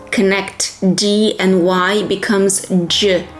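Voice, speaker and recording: A woman teaching English, speaking slowly and deliberately and repeating phrases for learners to say after her. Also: mid-range voice, flat delivery, echoey room, soft background music. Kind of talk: pronunciation drill lesson.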